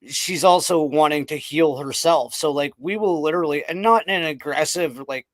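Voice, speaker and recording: A man's voice: a little high, moderate pace, no echo. Candid male guest, dry close sound. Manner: candid and loose, with frequent "like". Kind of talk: casual personal storytelling.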